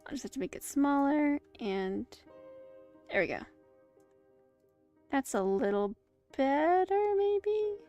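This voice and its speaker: Woman, high voice, casual live commentary, rambling, chatty, streaming mic. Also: expressive, takes it slowly, pauses often, warm tone, soft background music. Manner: chatty, rambling asides, self-interrupting. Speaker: streamer hosting a movie watch-along. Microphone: streaming setup.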